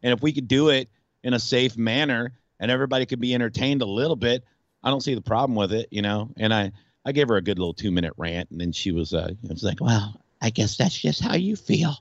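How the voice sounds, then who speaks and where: A male radio host in casual sports talk, animated and rambling, with frequent restarts. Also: medium pitch, quick pace, no echo, highs cut off.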